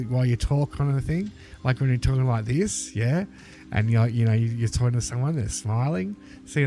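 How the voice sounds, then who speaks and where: Lecturing man with a mellow voice. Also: medium pitch. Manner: lecturing, emphatic, repeats points. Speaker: commentator reacting to a video. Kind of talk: critical commentary over a clip.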